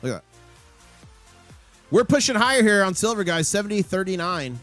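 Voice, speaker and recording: A man hosting a live stream with market commentary, excitable and rattling off prices and numbers. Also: high-pitched, normal speed, soft background music. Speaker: livestream host.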